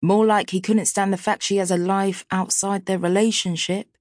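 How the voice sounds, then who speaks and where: A woman's voice: medium pitch, little pitch movement, moderate pace, a little mellow, dry recording, clean studio sound, pitched above the performer's own voice, lightly acted. A woman reading a wry, catty young man. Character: young man Luca, dry and catty best friend. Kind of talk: audiobook character voice.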